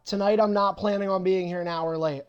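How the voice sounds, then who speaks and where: Profane, impatient high-voiced young man. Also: fairly even intonation, fairly quick, clean tone, lo-fi sound. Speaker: online wrestling league host. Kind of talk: casual livestream talk while setting up matches.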